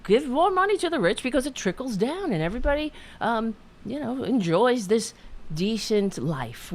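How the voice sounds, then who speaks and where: A woman hosting a political commentary show, ranting angrily with cursing and halting restarts. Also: on the low side. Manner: profane, heated, halting restarts. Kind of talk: angry political rant.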